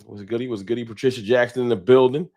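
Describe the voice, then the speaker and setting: A man's voice: mid-range voice, steady tone, fast talker, dark tone. A man hosting a casual live stream from a room at home, greeting viewers by name in loose slang. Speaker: livestream host. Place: home room with a wall sign. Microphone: desk microphone.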